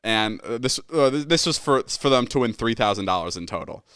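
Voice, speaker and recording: Smooth-voiced young man telling a story. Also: mid-range voice, fairly quick, no room sound, studio quality. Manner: animated and profane, acts out friends' lines. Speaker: podcast host. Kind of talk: casual storytelling.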